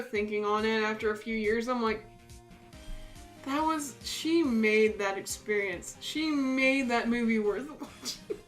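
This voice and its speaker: A young woman streamer casually telling a funny story while drawing, laughing often as she talks. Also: a little high. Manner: giggly, animated, laughs often. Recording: faint music playing behind.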